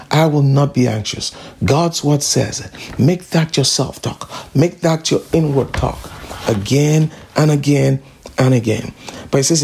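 A woman's voice: low-pitched, gravelly, a little mellow, breathy edge. A woman pastor preaching a sermon, emphatic and repeating declarations again and again.

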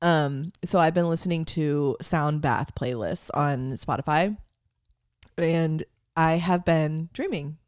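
A woman's voice: deep voice, slow pace, clean tone, no room sound, clean studio sound. A young woman co-hosting a podcast, laughing often and chiming in with short reactions before telling her own story. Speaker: podcast co-host. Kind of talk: casual chat.

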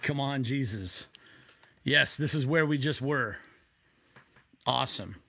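A man preaching a sermon from home in a conversational way, with quick asides. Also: medium pitch, vocal fry, sharp tone, slightly rough. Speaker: pastor.

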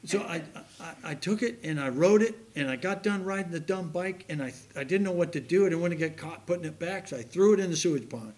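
A man's voice: fairly high pitch, quick pace, hardly any pauses, darkish tone. A man in his sixties, a pastor, preaching a sermon with folksy, self-deprecating stories and laughing at his own tales.

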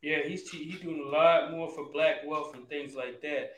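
A man co-hosting a podcast in casual chat, animated and teasing, swearing freely. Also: a little high, moderate pace. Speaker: podcast co-host.

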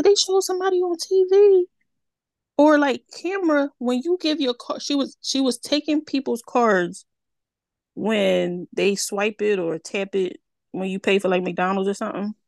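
Woman podcast co-host, casual storyteller, fairly high voice, dry close mic, animated retellings. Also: no room sound. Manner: animated, acts out her own reactions in quotes.

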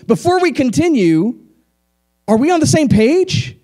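A middle-aged man preaching from the pulpit in a fairly high voice. He reads scripture aloud, then drops into blunt, plain-spoken asides to his congregation. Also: sing-song, moderate pace, warm tone. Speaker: pastor. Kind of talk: sermon.

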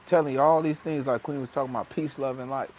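A man's voice: mid-range voice, fairly even intonation, fast, darkish tone, a little hiss or hum. A man on a casual motivational podcast, talking emphatically in slang and acting out voices when he quotes people. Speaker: podcast co-host.

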